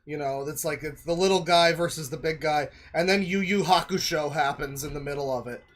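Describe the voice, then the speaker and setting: A man's voice: a little high, a little fast. A male streamer giving casual, rambling reaction commentary full of jokes and fillers. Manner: rambling, joking, many fillers.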